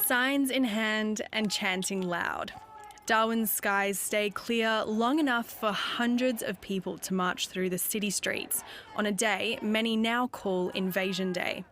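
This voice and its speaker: A woman's voice: mid-range voice, a bit bright, a little hiss or hum. Australian woman narrating a news report. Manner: crisp, deliberate narration. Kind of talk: scripted news voice-over.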